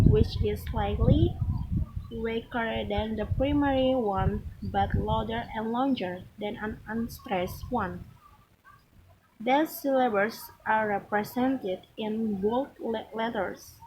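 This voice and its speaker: A woman reading a pronunciation lesson aloud from a textbook, slow and careful, with restarts and small slips. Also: on the high side, noisy background. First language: Malay.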